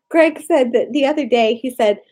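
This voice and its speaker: A woman's voice: sits high, dark tone, slight background noise. A woman vlogger at home, cooing at her pets in baby talk and laughing often. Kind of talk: casual home vlog.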